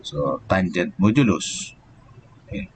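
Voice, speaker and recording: Man, low voice, slow pace, engineering lecture, halting with fillers, faint hiss behind. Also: sing-song. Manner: slow, halting explanation with many "okay" and "so" fillers. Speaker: engineering professor. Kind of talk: live online lecture.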